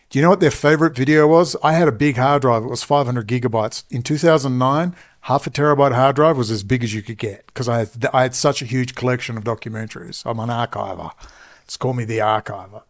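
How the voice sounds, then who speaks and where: A man's voice: mid-range voice, fairly quick. Australian man, middle-aged, emphatic storyteller, digressive monologue, mid-range voice. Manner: digressive, recounts dialogue, emphatic asides. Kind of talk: rambling personal storytelling monologue.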